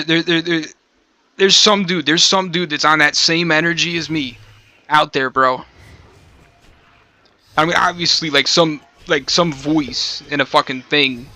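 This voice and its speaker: A man chatting casually on a stream, rambling in slangy, profane talk and calling the listener bro. His voice is a little hoarse from smoking. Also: fairly high pitch, pushed and bright, no echo.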